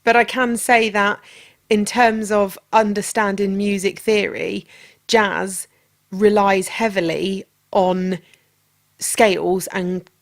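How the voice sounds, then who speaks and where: Slow-talking dry woman. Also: mid-range voice, steady tone, gravelly. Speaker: podcast co-host. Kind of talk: casual chat, album review.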